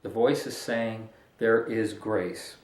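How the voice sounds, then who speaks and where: A man's voice: fairly low pitch, steady tone, slow, echoey room. A man preaching a casual, conversational sermon as pastor, joking and breaking into emphatic bursts.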